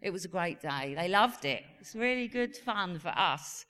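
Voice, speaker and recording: English woman in her 40s, bright voice, chatty stage anecdote, does all the voices. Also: lowish voice, moderate pace, clean tone. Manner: animated storytelling, acting out family voices. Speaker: actress on a reunion panel. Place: cinema venue on stage.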